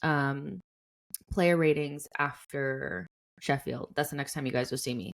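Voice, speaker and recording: A woman's voice: a bass voice, steady tone, unhurried. A woman hosting a casual football podcast, chatty and laughing often. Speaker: podcast host.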